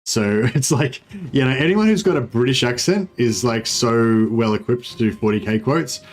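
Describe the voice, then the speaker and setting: A man's voice: mid-range voice, moderate pace. Rambling Australian man streaming a game. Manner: rambling, filler-heavy, laid-back. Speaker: gaming streamer. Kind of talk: casual livestream commentary.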